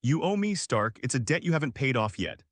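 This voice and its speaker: A man reading the lines of a stern, commanding one-eyed spy chief, forceful and firm. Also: medium pitch, sing-song, brisk, no echo, studio quality.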